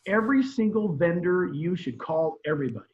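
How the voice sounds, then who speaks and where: A man's voice: high voice, expressive, a little fast, a little mellow. A middle-aged man, a guest real estate trainer, giving emphatic advice on a video call and repeating his key points. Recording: muffled video call audio.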